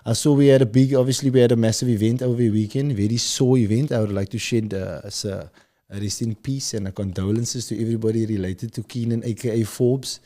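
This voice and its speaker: Cape Town South African man, thirties, podcast host; mellow tone, chatty and rambling. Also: medium pitch, steady tone, quick pace. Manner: rambling, upbeat, addresses the audience directly. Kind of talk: casual chat.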